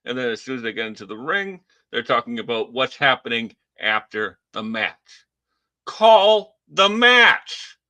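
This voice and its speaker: A man with a Boston accent co-hosting a wrestling podcast in casual chat, stammering and halting with many fillers. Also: mid-range voice, bright, forceful tone, no echo.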